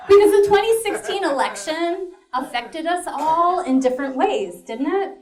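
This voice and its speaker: A woman performing a solo comedy show, telling a story with laughter and dry, deadpan asides. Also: very high-pitched, moderate pace, a crowd in the background.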